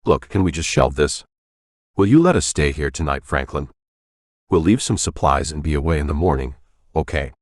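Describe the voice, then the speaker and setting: Calm patient dad type calming everyone down, a man reading him, really low voice, dry. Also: normal speed, no room sound. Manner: calm, placating. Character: calm, patient adult man, a father keeping the peace.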